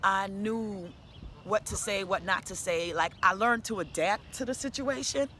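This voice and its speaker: A woman's voice: medium pitch, measured pace, pushed and bright, slight background noise. A woman, a single mother, telling her personal story to the camera in a candid, emphatic, conversational way.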